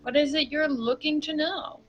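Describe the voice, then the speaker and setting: A woman playing a tabletop game, chatting casually with quick asides. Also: sits high, fairly even intonation, faint music behind, low-quality recording. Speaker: player.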